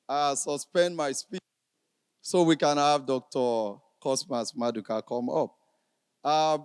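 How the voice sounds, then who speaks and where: A man giving a relaxed, chatty stage address at a finance event, with many fillers. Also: fairly high pitch, smooth. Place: large event hall. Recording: reverberant hall, long echo.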